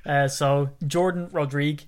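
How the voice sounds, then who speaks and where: A chatty man co-hosting a podcast, his voice slightly higher than most men's. He tells stories in an animated, joking way and laughs often. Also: unhurried, smooth. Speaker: podcast co-host. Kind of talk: casual chat.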